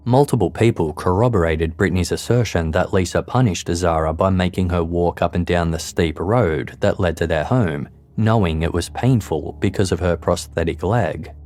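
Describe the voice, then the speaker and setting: A man narrating a true crime podcast in a measured, somber, scripted way. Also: sits low, darkish tone.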